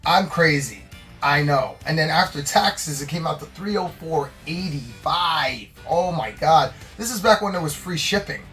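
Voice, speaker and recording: A man hosting a toy review in casual chat, excitable and jokey, swearing freely. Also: on the high side, a little slow, faint music behind. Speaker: host.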